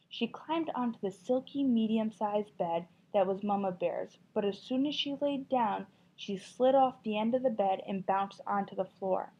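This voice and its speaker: A woman's voice: medium pitch, normal speed, hardly any pauses. A woman teacher reading a children's story aloud with expression, then asking a class encouraging questions about it. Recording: dull lo-fi recording.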